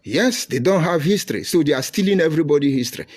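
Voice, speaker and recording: A man's voice: on the high side, animated, fast, darkish tone. A middle-aged man with a Nigerian accent giving combative live-stream commentary, reading and answering viewer comments with rhetorical questions and insults.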